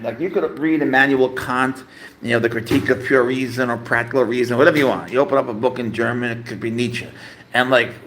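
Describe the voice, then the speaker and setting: Man, livestream host, rambling and chatty, talks to his cat, mid pitch, faint room hum. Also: fairly bright tone. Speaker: livestream host, pet owner. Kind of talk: casual livestream chat. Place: home room.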